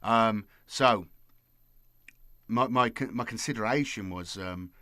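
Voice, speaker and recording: Casual male host, lowish voice, rambles freely, dry close recording. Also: slow, bright, forceful tone, no room sound. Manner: rambling, lots of fillers. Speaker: YouTube host. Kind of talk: casual late-night chat.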